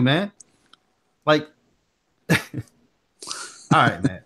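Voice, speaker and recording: A man's voice: on the high side, expressive, normal speed, pushed and bright. A man hosting a tech livestream, chatting casually in slang and telling a story with lots of fillers and animation. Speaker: tech channel host.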